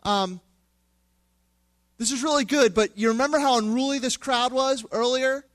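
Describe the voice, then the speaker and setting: Man voicing fretful male disciples, raised pitch, wry pleading tone, casual modern talk, dry close sound. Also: normal speed, fairly bright tone, no room sound. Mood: exasperated. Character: exasperated practical male disciples.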